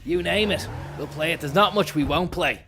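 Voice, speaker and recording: A man, telling rambling deadpan comic stories full of swearing and trailing mumbles. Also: a little high, moderate pace, a little hiss or hum. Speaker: comedian.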